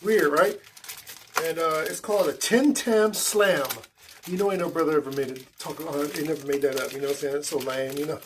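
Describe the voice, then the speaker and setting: A man's voice: fairly high pitch, steady tone, fairly quick, background noise. A man hosting a casual snack tasting vlog indoors at a table, chatty and enthusiastic with loose restarts. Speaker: food vlogger.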